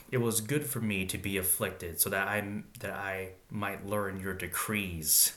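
A man with a fairly low voice reads scripture aloud in a relaxed, casual way. He stops between verses to add quick, slangy asides before going back to the text. A faint low rumble runs behind him. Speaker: Bible reader and commentator. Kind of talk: casual Bible reading with commentary.

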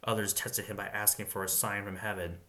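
Guy reading the bible out loud, kinda low voice, stops to think out loud and laughs to himself. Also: level tone, fairly quick. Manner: musing, chuckles often, reads aloud then comments.

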